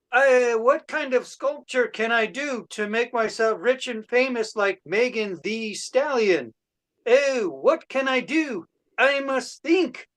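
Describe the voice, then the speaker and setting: A man's voice: extremely high pitch, a bit bright, voice pushed up, full character voice. A man putting on the voice of a fretful male sculptor with a creative block, whining and pleading with himself over a video call. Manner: whiny, anguished pleading.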